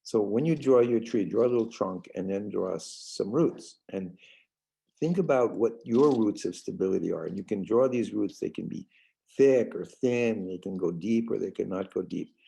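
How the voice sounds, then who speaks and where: Older male workshop trainer from the New York suburbs, gravelly and very dark, casual lecture with halting restarts. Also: on the low side, rough recording. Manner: rambling, repeats words and restarts, gentle. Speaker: trainer leading a parenting workshop.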